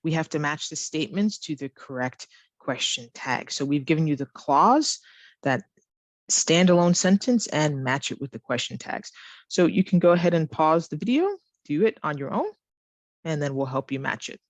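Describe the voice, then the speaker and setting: A woman teaching an online English lesson who reads example sentences slowly and with exaggerated rising and falling intonation. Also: sits low, lively intonation, dry recording.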